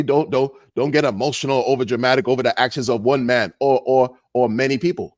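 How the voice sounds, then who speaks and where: A man ranting in a casual monologue, animated and sarcastic, repeating words and laughing often. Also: medium pitch, fast, hardly any pauses, no echo, studio quality. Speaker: crypto commentator.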